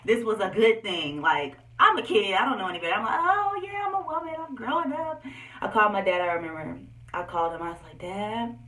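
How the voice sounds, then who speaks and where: A young woman telling personal stories straight to her viewers in an animated, candid vlog. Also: lowish voice, recorded from a distance. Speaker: vlogger. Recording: echoey room, voice set back from the mic.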